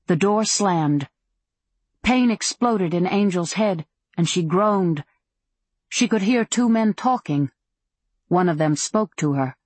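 A woman narrating a novel in a steady, measured reading. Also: on the low side, slightly rough, no room sound. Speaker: audiobook narrator. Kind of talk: scripted narration.

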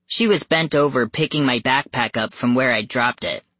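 An audiobook narrator reading a first-person spooky story slowly and suspensefully. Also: mid-range voice, bright, forceful tone, no room sound. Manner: slow, measured and suspenseful, rising tense at scary moments. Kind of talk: first-person scripted horror narration for young readers.

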